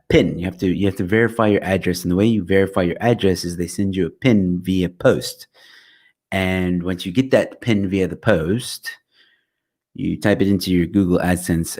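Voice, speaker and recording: A young man's voice sits low and a little mellow as he hosts a casual livestream. Jokey and meandering, he plugs his channel through a good-quality microphone.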